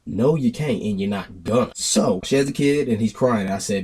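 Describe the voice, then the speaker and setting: A young man telling a casual storytime monologue, rambling and animated, acting out what people said to him. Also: fairly low pitch, a little fast, breathy edge. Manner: rambling, animated retelling with acted-out quotes.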